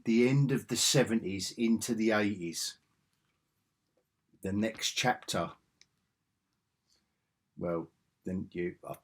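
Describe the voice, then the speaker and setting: A man in his fifties rambles eagerly through a nostalgic vlog, his voice husky and a little rough. He takes his time, drawling and circling back on his own words as he goes. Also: fairly low pitch. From England. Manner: enthusiastic and rambling, with frequent restarts. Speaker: comics vlogger. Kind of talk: casual nostalgic monologue.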